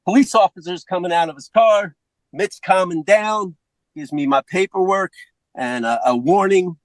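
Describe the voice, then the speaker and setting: A man telling a true story on a podcast, animated and acting out the people in it. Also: on the high side, normal speed, no room sound, rough recording. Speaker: podcast co-host. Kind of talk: casual storytelling.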